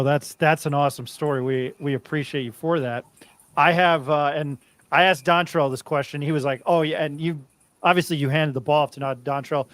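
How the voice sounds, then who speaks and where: A man's voice: on the high side, fairly bright tone, dry recording. Chummy, rambling male sports host. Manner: rambling, chummy, restarts often. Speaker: sports talk show host. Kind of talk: casual interview chat.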